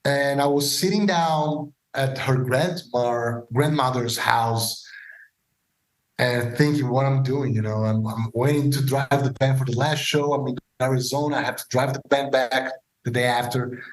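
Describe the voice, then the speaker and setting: A man as a podcast guest, telling stories casually and acting out the dialogue with lively voices. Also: medium pitch, measured pace. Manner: animated, acts out quoted dialogue. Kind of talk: casual storytelling interview. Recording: roomy echo.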